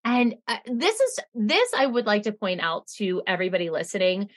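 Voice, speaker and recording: A woman talking casually on a podcast, recapping an episode with a dry, sarcastic edge. Her pitch sits in a middle range, and she tells the story at an easy, conversational clip. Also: normal speed. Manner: chatty, sarcastic, animated retelling with quoted voices. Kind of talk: casual chat.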